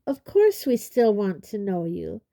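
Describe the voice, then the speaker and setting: A woman's voice: medium pitch, very animated, unhurried, vocal fry, warm tone, no echo. A woman voicing an earnest, loyal teenage boy in an audiobook reading. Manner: earnest, a little sheepish. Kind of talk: audiobook character voice.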